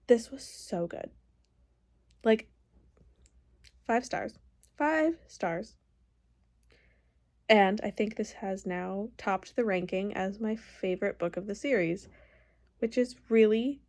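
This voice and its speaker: Young woman gushing about books on her vlog, kinda high voice, says "like" a lot. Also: a little mellow. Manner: gushing, emotional, lots of "like" fillers. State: tearful, crying happy tears. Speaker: book vlogger. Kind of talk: casual vlog chat.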